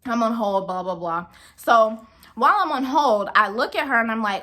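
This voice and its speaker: A woman's voice: a little high, normal speed, pushed and bright. A young adult woman vlogging a casual storytime about a rude customer at work, exasperated and full of rhetorical questions.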